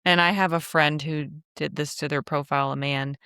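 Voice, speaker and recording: A woman's voice: low voice, fairly even intonation, moderate pace, bright, forceful tone, clear, resonant tone, no room sound, clean studio sound. A woman hosting a casual teaching podcast for travel advisors, talking in a chatty, frank way with joking asides. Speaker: podcast host, travel agency coach.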